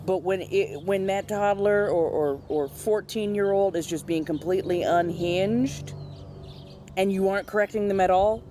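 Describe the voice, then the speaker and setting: A woman's voice: medium pitch, moderate pace, slight background noise. Blunt, profane young woman chatting casually. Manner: animated, acts out other people in quoted voices. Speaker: streamer chatting with followers. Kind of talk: casual chat while doing makeup.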